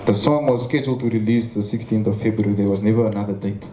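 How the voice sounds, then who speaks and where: A man's voice: lowish voice, steady tone, quick pace, dark tone, a little hiss or hum. A young South African man with a Cape Town accent gives a memorial tribute speech. He tells his stories earnestly and stumbles over his words now and then. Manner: earnest storytelling with stammers. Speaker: memorial speaker. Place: large memorial venue. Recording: echoey hall with faint ambience.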